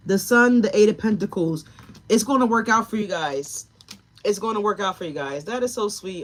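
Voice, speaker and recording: A woman's voice: mid-range voice, moderate pace. A woman giving a live tarot reading, talking straight to her viewers and chat, emotional and tearful at times. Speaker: tarot reader.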